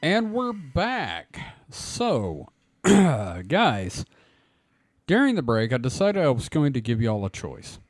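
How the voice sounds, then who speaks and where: A man's voice: mid-range voice, huge pitch swings, takes it slowly, no room sound. A man hosting a casual podcast, joking and laughing often as he reads an article aloud. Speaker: podcast host.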